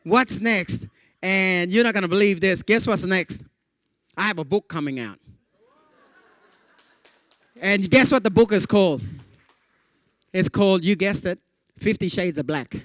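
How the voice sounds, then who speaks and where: A man with an Australian accent giving a comedy keynote, telling animated stories and slipping into playful voices for the people he quotes. He talks in a chatty way, with lots of "yeah?" and "you know". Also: high-pitched, measured pace, long pauses, no room sound, studio quality. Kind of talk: stand-up comedy storytelling to a live audience.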